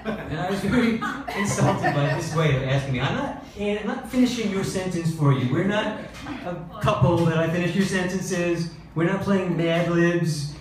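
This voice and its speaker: A middle-aged man doing open-mic stand-up comedy with a deadpan, exasperated observational delivery. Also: high-pitched, moderate pace, a crowd in the background. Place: comedy club stage. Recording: echoey club recording from a distance. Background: audience laughter.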